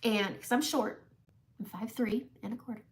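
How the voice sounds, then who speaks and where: Here a woman in her forties, voice a little high and pace normal, chats through a long humorous story on her makeup live stream. There's a little hiss or hum in the audio. She laughs often and mocks herself in an easygoing, storytelling way.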